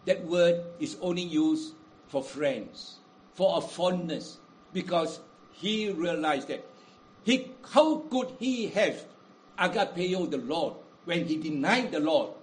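Man preaching, high voice, dramatic swings in loudness, faint background noise. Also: animated. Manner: dramatic, big swings in loudness, slows down for emphasis. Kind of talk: sermon.

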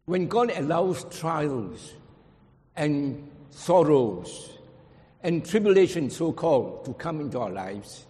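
A man delivers a sermon to a congregation, speaking emphatically and reading scripture in old-fashioned phrasing. His voice sits fairly high. The long reverb of a large hall trails behind his words. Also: warm tone. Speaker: preacher.

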